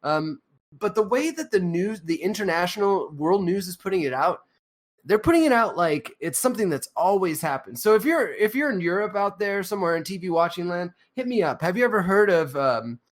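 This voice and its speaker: A man's voice: high-pitched, expressive, a little fast. A man hosting a casual podcast, rambling and cursing, with lots of ums and uhs. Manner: rambling, profane, many fillers. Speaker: podcast host.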